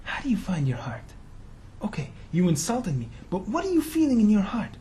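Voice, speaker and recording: A man voicing a calm, merciful male religious leader who speaks in a gentle, reassuring way. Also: sits high, moderate pace, slight background noise.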